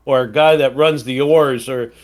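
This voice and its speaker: A man's voice: mid-range voice, fairly even intonation, unhurried. A man from Wisconsin co-hosting a podcast, telling a rambling anecdote in casual chat with many fillers and restarts. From Wisconsin, USA. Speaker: podcast co-host.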